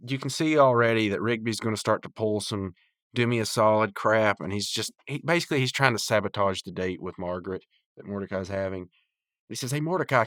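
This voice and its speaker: Brief: easygoing male podcaster, low-pitched, dry close sound, chuckles as he rambles. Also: a bit bright, no echo. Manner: rambling, laid-back, chuckles often. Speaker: podcast host recapping a cartoon episode. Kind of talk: casual chat.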